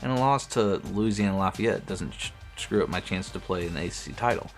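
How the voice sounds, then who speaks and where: Streamer, male, young adult, deep voice, loose swearing game commentary with faint music under it. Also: brisk. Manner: talks to himself while playing, swears often, restarts sentences. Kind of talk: casual gameplay commentary.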